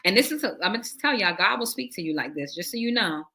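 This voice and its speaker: A woman preacher telling her testimony to a livestream audience, animated and acting out the conversations as she goes. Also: mid-range voice, fast talker, slight background noise. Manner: animated storytelling that acts out dialogue and addresses listeners as y'all. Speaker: prophet and preacher.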